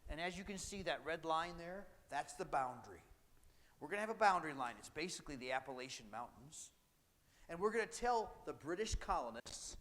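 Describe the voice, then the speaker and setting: A man teaches history to a class in a casual, conversational manner, slipping into little voices for the people he quotes. His voice sits a bit high for a man. The sound trails off in the long reverb of a big hall. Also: expressive, brisk, fairly bright tone. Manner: conversational, acts out British and colonist voices. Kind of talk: classroom lecture.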